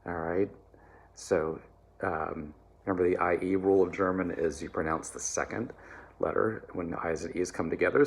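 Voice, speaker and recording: A man teaching German pronunciation to singers, relaxed and encouraging, often checking in with "all right?" and slowly modeling words. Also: low-pitched, creaky. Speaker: choir diction coach. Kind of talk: German diction lesson for singers.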